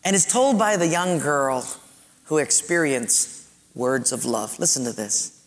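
A man's voice: mid-range voice, lively intonation, a little slow, big-room sound. A man preaching a sermon earnestly, using rhetorical questions. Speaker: pastor.

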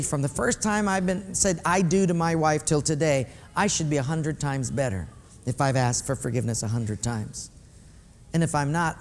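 A man's voice: fairly high pitch, slight background noise. A male pastor preaching a sermon in a conversational way, speaking directly to his congregation in a church sanctuary. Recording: echoey hall.

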